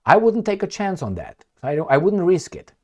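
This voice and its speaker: A man's voice: sits high, sing-song, a little fast, a little mellow. A man talking through current events in a casual monologue, sarcastic and full of fillers, mocking the people he quotes. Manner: sarcastic, acts out quoted politicians in mocking voices, many fillers. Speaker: political commentary vlogger.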